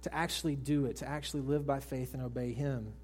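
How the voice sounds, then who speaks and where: A male pastor preaching to a congregation, swinging from raised emphatic lines to hushed soft ones and putting questions to his listeners. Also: medium pitch, steady tone, fast, a little hiss or hum. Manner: asks the congregation direct questions. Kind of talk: sermon. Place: church service with congregation.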